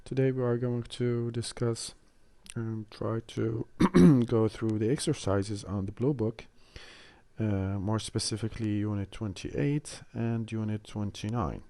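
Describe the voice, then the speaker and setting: A man lecturing university students on English word stress, speaking in a measured, explanatory way with frequent hesitations. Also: fairly low pitch, fairly even intonation, vocal fry, dark tone, no room sound. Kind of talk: recorded online lecture.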